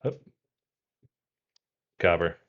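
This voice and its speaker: A man's voice: very slow, narrow, tinny audio. A man casually talking through his video game session as the host, explaining each step aloud as he goes. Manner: relaxed, talks himself through tasks aloud. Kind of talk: casual let's-play commentary.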